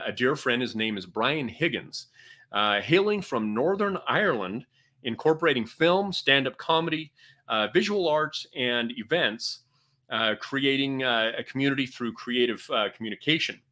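A man's voice: mid-range voice, expressive, normal speed, sharp tone. A man hosting an interview, enthusiastic and full of "uh" fillers. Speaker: interview host.

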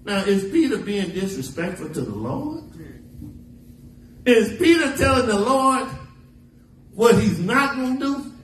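A man's voice: sits high, big pitch swings, a little slow, pauses often. A man preaching a sermon as pastor, mixing folksy stories and dramatic quoted lines. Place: church sanctuary. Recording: echoey church recording from a distance.

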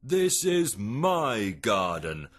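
A woman voicing a selfish, possessive male giant who speaks slowly and sternly in a storybook reading. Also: very animated, slightly rough, exaggerated voice. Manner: booming, slow and stern.

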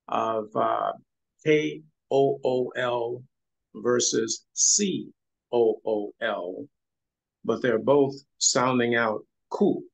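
A man in an online class slowly asking a question and spelling out letters. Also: mid-range voice, vocal fry. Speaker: student. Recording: dull lo-fi call audio.

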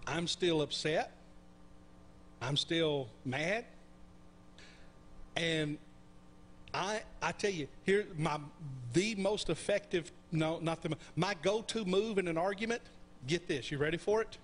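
A man's voice: on the high side, slow, long pauses, a little hiss or hum. A middle-aged man preaching a conversational sermon, often checking in with the congregation with questions. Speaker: pastor. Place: church sanctuary.

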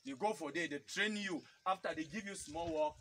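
A man with a Cameroonian Pidgin English accent, addressing a crowd in an animated way and appealing to it directly. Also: fairly high pitch, normal speed, slight background noise. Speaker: public speaker. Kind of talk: outdoor public address.

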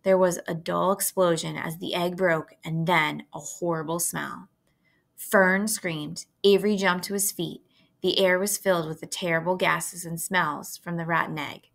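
A woman reading a children's novel aloud in a steady, gentle storytelling manner. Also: on the low side, normal speed, gravelly.

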